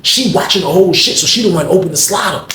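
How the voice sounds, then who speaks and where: A man's voice: high voice, expressive, fast, a bit bright. A man animatedly telling a profane story, acting out the scene as he goes, recorded in an echoey room. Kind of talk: casual storytelling. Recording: echoey room with faint background noise.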